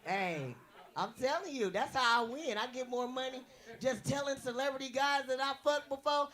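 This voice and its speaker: A young woman from the US West Coast doing a brash, bawdy stand-up comedy routine with a big voice and loud punchlines. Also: sits high, moderate pace, a faint crowd.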